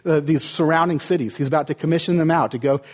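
Pastor guy preaching, pretty high voice, animated, keeps asking questions. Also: quick pace. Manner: animated storytelling with rhetorical questions. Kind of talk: sermon.

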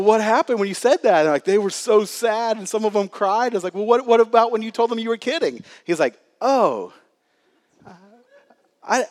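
A man in his thirties, a pastor giving a sermon in a church, talking casually with fillers and stories. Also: high voice. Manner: casual, chatty storytelling with laughs and fillers.

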